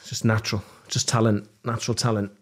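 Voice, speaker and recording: A man's voice: lowish voice, flat delivery, fast talker. A man guesting on a podcast in casual chat, jokey and self-deprecating.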